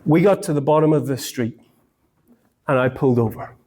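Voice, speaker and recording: A man's voice: mid-range voice, normal speed, mellow. A man, telling a humorous personal story in a sermon.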